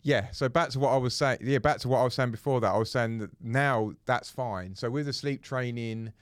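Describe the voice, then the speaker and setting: A man's voice: medium pitch, brisk, clean tone, no room sound. Rambling man, dry close mic. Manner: rambling, restarts often, circles back to his point. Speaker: co-host, parent. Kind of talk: casual chat.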